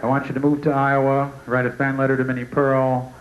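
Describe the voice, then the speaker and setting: A man doing a gruff, fed-up God. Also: monotone, brisk, dull audio, natural voice. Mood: dismissive. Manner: low, dismissive and curt. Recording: live stage show with audience noise.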